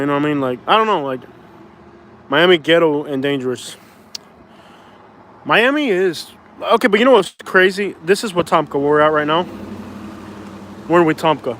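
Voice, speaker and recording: A young man from Florida vlogs while walking down a street, talking into a phone on a handheld stabilizer. His fairly high, slightly bright voice is animated at a normal speed, and he rambles with constant "like"s, frequent pauses, and restarts. There's slight background noise.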